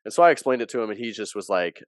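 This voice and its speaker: A man with a smooth, resonant voice tells a story as a guest in an interview. He is an athletic director and talks in an animated way, playing out what others said. The sound is dry and close. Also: fairly low pitch, very fast, no echo. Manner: animated storyteller who acts out quoted dialogue.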